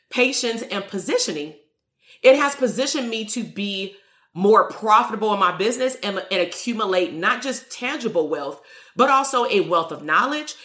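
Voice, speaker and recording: A woman's voice: fairly high pitch, bright, forceful tone. A woman business coach giving a motivational monologue in a blunt, emphatic way, swearing freely. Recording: roomy echo.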